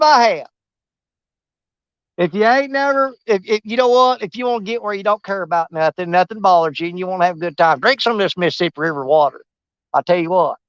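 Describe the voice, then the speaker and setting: A man's voice: high voice, fairly bright tone, clear, resonant tone, dry recording, muffled recording. A man, chatting casually and jokingly while fishing on a riverbank. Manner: folksy, joking, rambling. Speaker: fishing vlogger. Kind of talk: casual outdoor fishing commentary. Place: outdoors on a riverbank.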